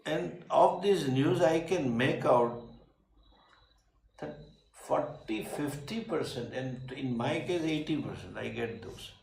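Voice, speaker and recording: An older man with an Indian English accent giving an informal spiritual talk, animated with laughing asides and emphatic bursts. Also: medium pitch, vocal fry. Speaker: swami, spiritual teacher. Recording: echoey room with faint background noise.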